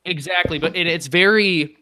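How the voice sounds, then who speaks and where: A man hosting a casual live-stream Q&A, chatty and halting, with many ums. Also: sits high, sharp tone, a little hiss or hum. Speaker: channel host.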